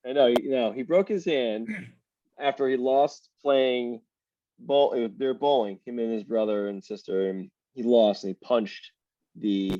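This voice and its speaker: A man hosting a podcast, telling a family story in a relaxed, joking way. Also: mid-range voice, a little slow, dry recording. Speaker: podcast host. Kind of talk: casual podcast chat. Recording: dull, dry lo-fi sound.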